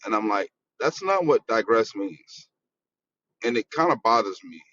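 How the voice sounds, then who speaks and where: A man's voice: fairly low pitch, a little slow, no room sound. Laughing chatty man, dry dull audio. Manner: laughs a lot, chatty, animated. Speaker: co-host. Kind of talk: casual chat.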